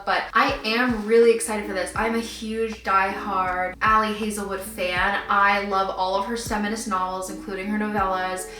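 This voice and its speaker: A young adult woman vlogging her reactions to a book, gushing and excitable with lots of filler words. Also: mid-range voice, recorded from a distance. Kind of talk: casual reading vlog reactions. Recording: roomy sound, mic set back.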